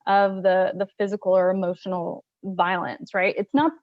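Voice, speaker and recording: A woman hosts a candid interview, speaking bluntly and frankly in a casual way with a mid-range, level voice at a moderate pace. The recording is dry, lo-fi and slightly muffled.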